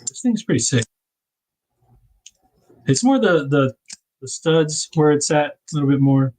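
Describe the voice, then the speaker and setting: A man's voice: a little high, lively intonation, unhurried, a little mellow, poor audio. A man hosting a casual livestream, rambling and correcting himself with little laughs as he packs things up. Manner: narrates while packing items. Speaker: livestream host.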